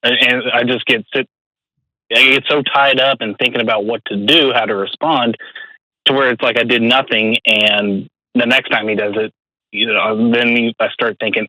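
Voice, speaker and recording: A man's voice: medium pitch, steady tone, moderate pace, pushed and bright, no echo, low-quality recording. A young man calling an advice show, talking in a hesitant, rambling way with many restarts. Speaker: caller. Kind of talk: call-in conversation.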